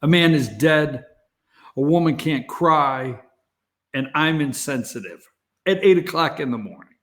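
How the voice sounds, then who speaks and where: A man's voice: fairly high pitch, lively intonation, measured pace, a bit bright. A man hosting a morning opinion talk show, speaking sarcastically and mocking, often laughing at his own remarks.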